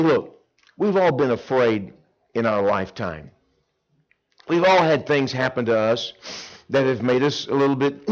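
Middle-aged male youth-camp preacher; animated storyteller, big swings between loud and quiet. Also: a little high, poor audio. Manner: dramatic storytelling, acts out characters, swings between loud and hushed. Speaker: camp speaker. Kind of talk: animated sermon to teenagers.

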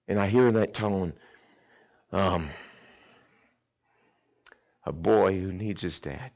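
A middle-aged man preaching a sermon as a pastor, emphatic and swinging between loud declarations and hushed, tender lines. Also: low voice, slow pace, creaky, pauses often, dull audio.

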